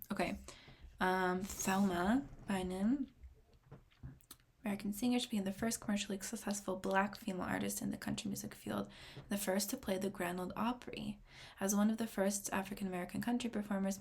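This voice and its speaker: A young woman giving casual, rambling reaction commentary on an album, excitable and often dropping to a whisper while she reads her notes. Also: medium pitch, normal speed, vocal fry, a little hiss or hum. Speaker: music reaction vlogger.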